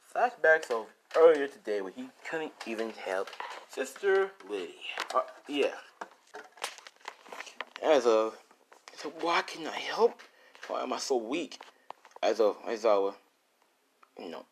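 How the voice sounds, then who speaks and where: A man with a lowish voice telling an improvised fan story in a loose, rambling way. He swears freely and leans on fillers, restarting sentences as he goes. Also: sing-song, unhurried, long pauses, slight background noise. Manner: rambling, crude, many fillers.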